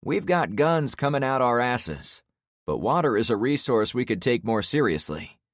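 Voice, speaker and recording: A man's voice: medium pitch, sing-song, normal speed, no room sound, studio quality, voice pushed up, lightly acted. A man voicing a friendly, talkative middle-aged neighbor with graying hair, chatting easily in an audiobook.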